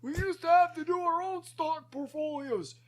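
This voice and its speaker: A man doing a raspy, crotchety old man grumbling about hardship in a slow drawl during a podcast chat. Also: extremely high pitch, voice pushed up. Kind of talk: podcast impression.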